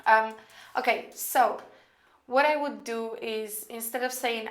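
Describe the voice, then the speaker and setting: A woman teaching copywriting in a casual, chatty way, thinking out loud with lots of fillers as she walks through an email draft. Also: a little high, measured pace, echoey room. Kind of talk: casual screen-recorded lesson.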